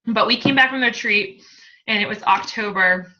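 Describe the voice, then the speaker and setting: A woman's voice: medium pitch, normal speed, bright, forceful tone, muffled recording. A woman coach talking as a guest, candid and emotional, chatty and laughing as she tells her story. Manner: talkative, emotional, laughs often. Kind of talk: candid testimonial talk.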